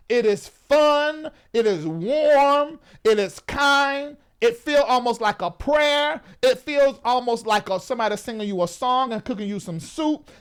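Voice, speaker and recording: A man of forty, hosting a live talk show in an animated, chatty way, often repeating himself. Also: very high voice. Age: 40s.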